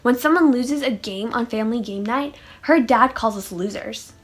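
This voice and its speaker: A woman's voice: a little high, normal speed, slightly rough, faint music behind. A woman playing a hesitant, defensive mom. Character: defensive mother of the rude girl.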